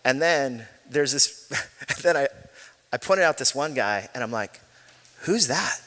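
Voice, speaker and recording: Pastor guy in his 40s preaching, chatty and joking at himself, sounds bright, big echoey hall. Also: mid-range voice, expressive, measured pace. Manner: conversational, self-deprecating storytelling with laughs. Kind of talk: sermon. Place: church sanctuary. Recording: long hall reverb.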